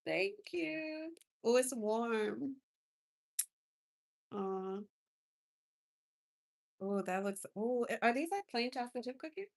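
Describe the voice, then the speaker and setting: A woman's voice: fairly high pitch, animated, takes it slowly, pauses often. Chatty woman livestreaming her makeup. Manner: chatty and effusive, reacts to viewers and gifts. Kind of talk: casual livestream chat with viewers. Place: inside a car.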